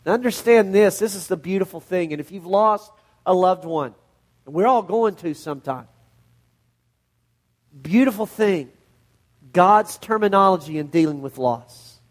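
A middle-aged pastor preaches a sermon, telling a Bible story with animated flair and acting out scenes in different voices. He speaks high-pitched at a moderate pace, pausing often.

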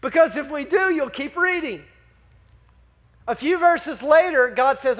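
A pastor with a notably high voice delivers a sermon to his congregation at normal speed. He's animated, constantly firing questions at the crowd to draw them in. His delivery alternates between punchy emphasis and quieter explanation.

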